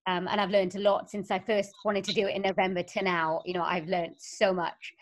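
A woman's voice: medium pitch, little pitch movement, fairly quick. Upbeat, chatty woman from Wales. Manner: chatty, upbeat, laughs often. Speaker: voiceover artist and singer, guest. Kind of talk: casual interview chat.

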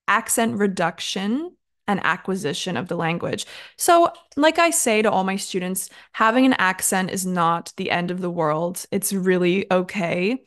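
A young woman teaching an online English lesson in a chatty, clear and encouraging way, with casual filler words. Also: medium pitch.

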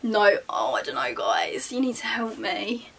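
A woman's voice: on the high side, a little slow, fairly bright tone, slightly rough, distant mic. A young woman, talking casually as a vlogger while sorting her wardrobe, chatting and muttering asides to herself. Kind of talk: casual chat. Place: bedroom beside her wardrobe.

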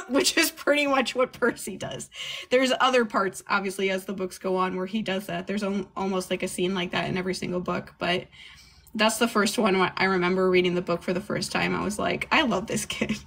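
A woman's voice: mid-range voice, fairly even intonation, brisk, vocal fry, fairly bright tone, slight background noise. Casual rambling woman podcaster. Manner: rambling, laughs often, swears casually. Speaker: podcast co-host.

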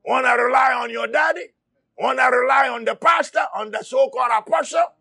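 A man preaching a fiery sermon, shouting and crying out, repeating his words as he presses his listeners. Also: very high-pitched, brisk, gravelly, breathy edge, dry recording, studio quality.

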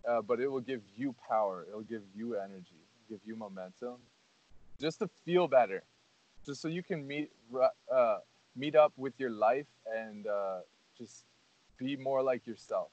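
A man's voice: mid-range voice, normal speed, darkish tone, no echo. A man hosting a casual podcast, talking earnestly in a rambling way with lots of "like" and "you know". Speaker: podcast host. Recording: dull lo-fi audio.

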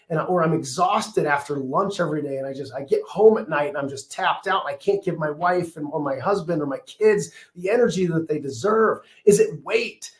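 Fast-talking, passionate high-voiced man. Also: reverberant. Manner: fast, energetic, emphatic. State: voice strained. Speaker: functional medicine practitioner presenting a webinar. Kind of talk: passionate presentation. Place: office.

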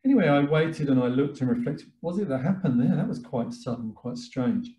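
A man giving a webinar talk as a therapist, speaking calmly and reflectively with frequent fillers and restarts. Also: medium pitch, fairly quick. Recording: echoey room.

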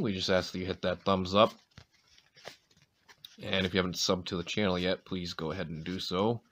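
Low-voiced man with a light New England accent. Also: fairly bright tone. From Maine, USA. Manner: reads off player names between chatty asides. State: slight sore throat, clears throat. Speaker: card-opening channel host. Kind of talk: casual pack-opening commentary.

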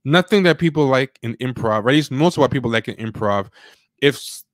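Male podcast co-host, mid-pitch, sardonic and rambling, dry close sound. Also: animated, a little fast, dry recording. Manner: rambling, sardonic, mocking impressions. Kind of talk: casual livestream commentary.

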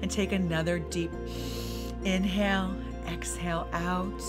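A woman with a somewhat low voice leads a slow, soothing guided meditation, then shifts into emphatic, encouraging coaching. Music plays clearly beneath her throughout. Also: flat delivery. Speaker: podcast host and life coach.

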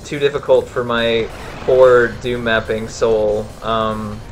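Taking it slowly in a steady, medium-pitched voice, a man streams a game playthrough with casual commentary. When things go wrong he often breaks into exasperated swearing, and game music and sounds are heard behind him.

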